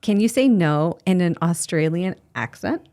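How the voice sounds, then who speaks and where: Low-voiced playful female coach. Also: animated, dark tone. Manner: playful, quick with questions. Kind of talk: casual interview, quick questions.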